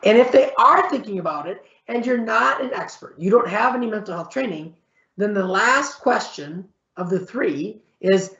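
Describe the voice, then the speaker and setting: A man's voice: animated, moderate pace, pushed and bright. A middle-aged man presenting a webinar lecture in a conversational way, checking in with "all right?" and acting out short exchanges. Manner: acts out short exchanges with varied pitch. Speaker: psychology professor presenting a webinar. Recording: echoey, muffled webinar audio.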